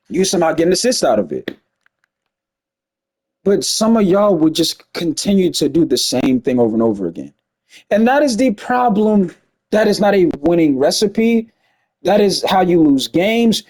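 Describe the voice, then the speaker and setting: A man with a fairly high, very lively voice talks viewers through a game replay. His speech is fast, emphatic and conversational. He keeps checking in with them as he makes his points. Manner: fast-talking, emphatic, keeps asking "you see what I'm saying". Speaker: gaming video commentator. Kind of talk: casual gameplay breakdown.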